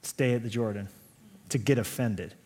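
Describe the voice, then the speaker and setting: A man's voice: medium pitch, moderate pace, darkish tone. A man preaching a sermon as pastor, talking in a conversational way and repeating his key phrases. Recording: reverberant hall.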